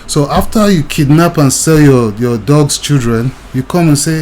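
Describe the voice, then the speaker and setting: A man's voice: fairly high pitch, moderate pace, hardly any pauses, a little mellow, slight background noise, poor audio. A young man, ranting agitatedly and talking straight to the viewer in video commentary.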